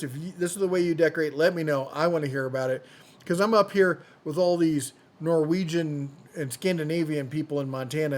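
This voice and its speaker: A man hosting a tool deals channel, running through product deals in a chatty, jokey way and often correcting himself mid-sentence. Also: fairly high pitch. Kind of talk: casual product deal rundown.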